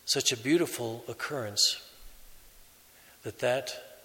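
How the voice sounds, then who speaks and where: Slow-preaching priest, man, long church reverb. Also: medium pitch, sharp tone. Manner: slow, measured preaching with pauses. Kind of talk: sermon.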